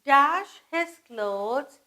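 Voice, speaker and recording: Slow, high-voiced woman teaching grammar. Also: lively intonation, bright, forceful tone, low-quality recording. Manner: slow, patient, repeats and spells out words. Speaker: English teacher. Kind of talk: grammar lesson.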